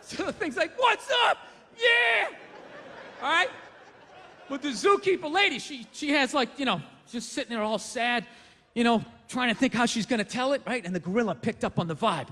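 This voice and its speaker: A man doing a stand-up comedy routine, telling a story in a loud, exasperated, profane way at a live venue. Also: extremely high pitch, expressive, fairly quick. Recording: live stage mic in a hall.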